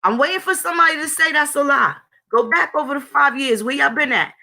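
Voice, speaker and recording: Blunt, emphatic woman with a bright voice. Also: sits high, fast, vocal fry. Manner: emphatic, blunt, profane, conversational. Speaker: host of her own video channel. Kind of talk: casual spoken monologue.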